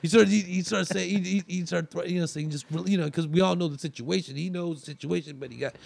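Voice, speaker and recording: A man's voice: on the high side, quick pace, gravelly, darkish tone. A man telling a long story in casual chat, rambling with fillers and restarts.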